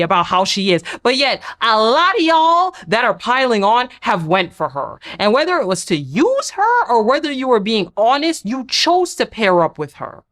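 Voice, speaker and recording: Lively black-woman ranting thru a dating show recap, pitch all over the place. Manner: blunt, animated, slangy commentary. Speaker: recap vlogger. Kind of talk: casual reality-show recap.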